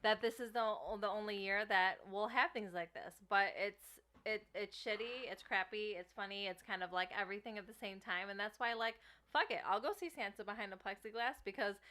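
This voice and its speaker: A woman co-hosting a podcast in casual chat, playful and quick to laugh, swearing freely. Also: mid-range voice, pushed and bright. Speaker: podcast co-host.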